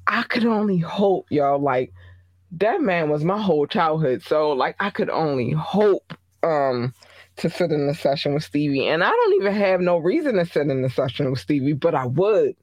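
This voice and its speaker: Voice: mid-range voice, big pitch swings, moderate pace, no room sound. Gossip podcast host: chatty, slangy, rambling, recorded in a dead-dry room. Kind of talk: casual celebrity gossip commentary.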